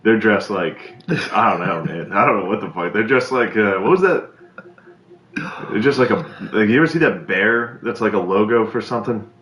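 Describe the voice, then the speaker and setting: A man's voice: on the low side, expressive, normal speed, fairly bright tone. A man in casual chat, rambling and swearing as he searches for words.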